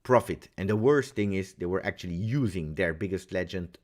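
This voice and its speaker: A man's voice: low voice, a little fast, darkish tone. A man hosting a fan live stream, ranting heatedly and repeating himself for emphasis. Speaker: fan channel host.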